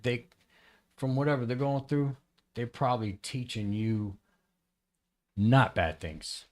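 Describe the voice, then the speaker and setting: A man on a podcast telling a story in casual chat, rambling and halting with many fillers and restarts. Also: medium pitch. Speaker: podcast host.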